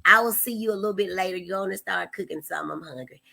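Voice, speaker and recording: A woman's voice: mid-range voice, quick pace, vocal fry, background noise. A woman in her thirties hosting a casual livestream, chatting playfully and talking straight to her viewers. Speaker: host.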